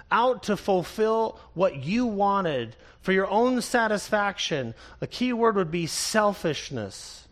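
Male pastor, high-pitched, unhurried, earnest expository sermon delivery. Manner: earnest, emphatic preaching with repeated phrases; reads scripture slowly and deliberately.

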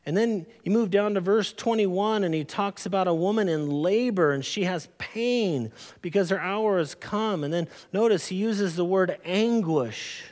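A man preaching a sermon as pastor, earnest and deliberate, often calling his listeners beloved, in a large church sanctuary. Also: high-pitched, darkish tone, big-room sound. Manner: slow, earnest preaching with drawn-out emphasis.

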